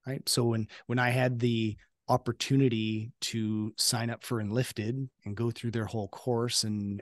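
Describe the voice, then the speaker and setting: Male guest, earnest motivational speaker, unhurried delivery, dry recording. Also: mid-range voice, no echo. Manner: earnest, motivational, repeats key phrases. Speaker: podcast guest. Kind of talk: casual interview chat.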